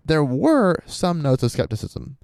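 A man's voice: a little high, sing-song, unhurried, vocal fry, darkish tone, clear, resonant tone, no echo, studio quality. A man co-hosting a podcast, telling a story in casual chat, reading quotes aloud and adding wry, sarcastic asides. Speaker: podcast co-host.

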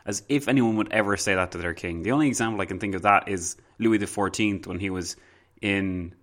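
A man's voice: low voice, fairly quick, fairly bright tone. A man giving casual, sarcastic and self-mocking commentary on his own podcast. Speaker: podcast host.

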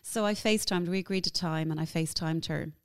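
A woman's voice: lowish voice, quick pace, clean tone. A woman guest telling a story in casual interview chat, chatty and emotional, full of "like" fillers. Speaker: guest, cookbook author.

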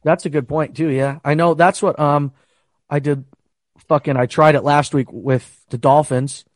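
A man's voice: on the high side, steady tone, moderate pace, dry recording, studio quality. Profane, fired-up young man ranting. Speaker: sports betting podcast host. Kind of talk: casual sports betting talk.

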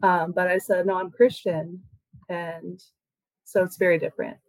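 Chatty woman musician with a low voice. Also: flat delivery, normal speed, darkish tone, dry recording, low-quality recording. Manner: chatty, full of "like" and "you know" fillers. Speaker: musician and band member. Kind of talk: casual interview chat.

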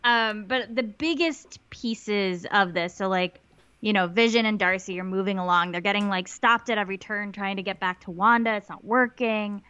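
On a podcast, a woman co-host recaps a TV episode in chatty, casual talk, dropping "like" constantly and quoting lines in little voices. Her mid-range voice moves at normal speed with a sharp, clean tone, captured dry and sounding dull.

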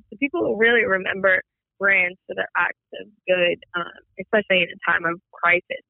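A man with a high, gravelly voice comes through a tinny phone line as co-host. He reads out marketing points in a casual way, dotted with "um" fillers. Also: no echo. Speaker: podcast co-host. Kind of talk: casual business chat.

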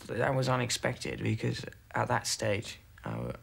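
A man recounting a personal ordeal in halting testimony, full of fillers and restarts. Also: medium pitch, big pitch swings, gravelly, husky. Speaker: interviewee recalling captivity.

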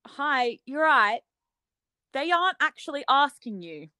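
A woman's voice: sits high, a little slow, no echo. A young Australian woman co-hosting a podcast, chatting casually and acting out the lines of people in her stories. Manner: chatty, animated storytelling, acts out quotes. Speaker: podcast co-host. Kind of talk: casual chat.

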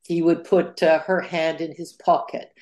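An older woman speaks as a guest historian in a podcast interview, her voice sitting on the low side. She talks in halting stretches, filling pauses with ums and uhs and restarting her sentences as she recalls events. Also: level tone, darkish tone. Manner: halting, many fillers and restarts.

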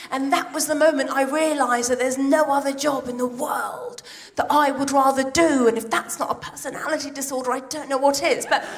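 A middle-aged woman from Iran doing a stand-up comedy set on a large theatre stage, chatty and excitable with quick asides. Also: high-pitched.

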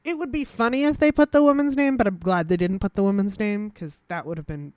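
A woman's voice: medium pitch, quick pace, darkish tone, dry recording, studio quality. A woman co-hosting a casual chat, reading news aloud with many fillers and restarts. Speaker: podcast co-host.

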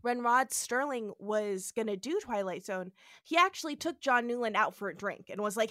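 A woman co-hosting a casual podcast, animated and laughing as she tells trivia. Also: a little high, normal speed, few pauses, dry recording, studio quality. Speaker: podcast co-host.

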